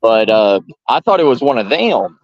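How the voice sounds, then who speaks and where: A young adult man from Georgia, telling a long story at a firepit in a halting, rambling way with many restarts. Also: medium pitch, sing-song, no echo, dull audio. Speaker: storyteller host. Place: outdoors by a firepit.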